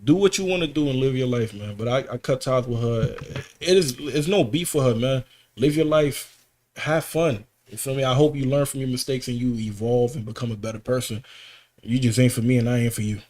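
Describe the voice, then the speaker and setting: A man's voice: medium pitch, brisk, a little mellow. A man co-hosting a podcast, telling a personal story in casual slang with lots of swearing, his voice rising sharply when he gets worked up. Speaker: podcast co-host.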